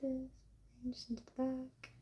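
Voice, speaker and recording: A woman's voice: high-pitched, monotone, moderate pace, highs cut off. A young woman chatting casually and rambling about a book while making a digital journal. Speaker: book vlogger.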